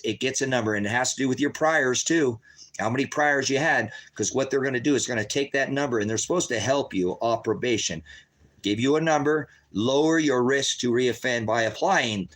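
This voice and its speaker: A man, a father and host, ranting angrily with heavy profanity and sudden rises in pitch. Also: fairly bright tone. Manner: profane, heated, rapid shifts in pitch. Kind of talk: angry livestream rant.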